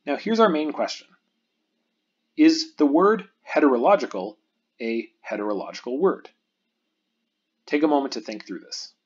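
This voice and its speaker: A man at a middle pitch with a slightly husky voice explains a math lecture patiently, step by step. His intonation moves a lot, rising and falling as he walks through each case. The recording sounds a little dull and lo-fi. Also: expressive. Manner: patient explanatory lecturing, pauses for the viewer to think.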